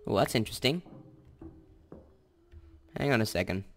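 A man's voice: lowish voice, animated, normal speed. A young Australian man giving a casual coding tutorial, thinking aloud and correcting himself as he types. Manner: chatty and self-correcting, thinks aloud while typing. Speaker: tutorial host.

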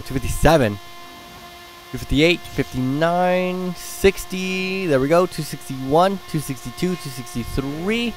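Hyped man calling out racing speeds. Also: on the high side. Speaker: gaming YouTuber. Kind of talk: excited gameplay commentary.

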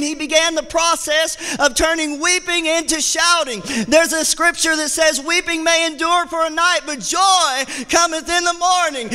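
High-voiced impassioned preaching man. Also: fairly even intonation, normal speed, hardly any pauses. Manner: impassioned preaching, repeats phrases, rises to shouts. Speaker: associate pastor. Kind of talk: sermon. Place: church sanctuary. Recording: church hall reverb.

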